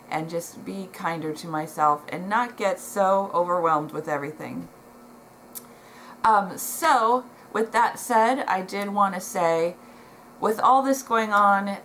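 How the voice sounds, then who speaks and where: A woman's voice: fairly low pitch, fairly bright tone, a little hiss or hum, rough recording. A middle-aged woman vlogging from home, talking to the camera in a heartfelt, emotional way, with many ums and restarts. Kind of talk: casual chat to camera. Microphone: camera in front, reading notes below it.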